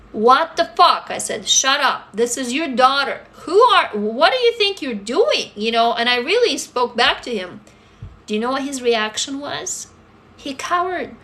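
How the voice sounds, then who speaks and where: A woman with a sharp-toned voice on the high side hosts a livestream, fielding viewers' questions. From Russia, she speaks bluntly and emphatically in casual chat, cursing freely.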